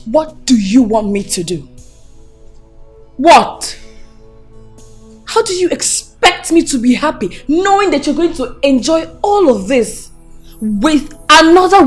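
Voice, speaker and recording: A husky, high, swooping voice of a wounded young woman. She speaks slowly and accuses her lover with bitter reproach. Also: very animated, soft background music, exaggerated voice. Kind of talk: Nollywood film acting.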